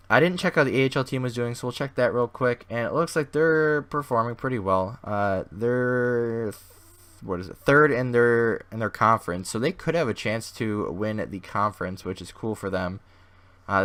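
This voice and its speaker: Hoarse low-ish guy doing chill game commentary, rambles and restarts a lot. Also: fairly bright tone. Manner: rambling, thinks aloud with many restarts. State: hoarse, losing his voice. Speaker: gaming channel host. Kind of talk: casual video game commentary.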